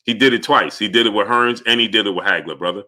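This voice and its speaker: A man's voice: on the low side, bright, forceful tone. A man hosting a livestream, reading out chat names and arguing heatedly with viewers in a lecturing tone. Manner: rapid greetings to chat names between rants. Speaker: livestream host answering chat. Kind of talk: live-stream commentary reading chat.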